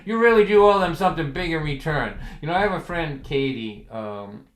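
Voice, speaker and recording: A man's voice: fairly high pitch, a little fast, hardly any pauses. A man telling humorous stories on a livestream in a dry, wry way. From Massachusetts. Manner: wry, deadpan with bursts of loud acted quotes. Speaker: folk singer and storyteller. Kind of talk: humorous storytelling. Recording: echoey room.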